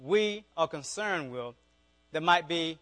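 A man's voice: fairly high pitch, expressive, slow, sharp tone. Southern man preaching a fervent sermon. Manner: preaches with rising, fervent calls and asides to the congregation. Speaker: pastor.

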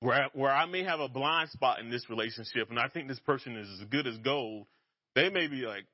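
A man preaching a relaxed, conversational sermon, joking and laughing at himself as he teaches. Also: mid-range voice, a little fast, no echo, lo-fi sound. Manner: casual and self-deprecating, laughs at himself.

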